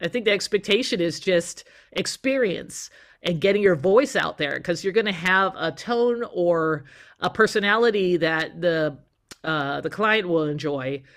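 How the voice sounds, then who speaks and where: A woman's voice: on the low side, a little slow, a bit bright. A woman co-hosting a podcast in casual chat, telling stories with animation and laughing while she talks. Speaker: podcast co-host.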